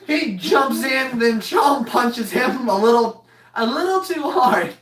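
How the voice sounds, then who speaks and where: A woman's voice: on the high side, expressive, measured pace, fairly bright tone. Laughing storyteller woman in echoey room. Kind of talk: casual chat. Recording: echoey room, mic far off.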